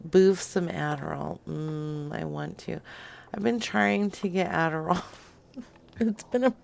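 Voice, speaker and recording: A woman's voice: sits low, unhurried, vocal fry, a little mellow. A young woman hosting prank calls, chatting casually, teasing and laughing often. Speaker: prank call host. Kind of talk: casual prank call chat.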